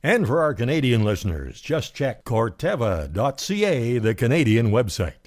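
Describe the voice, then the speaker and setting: A man's voice: mid-range voice, very animated, normal speed, a little mellow. Easygoing male radio host over music. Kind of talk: radio show hosting.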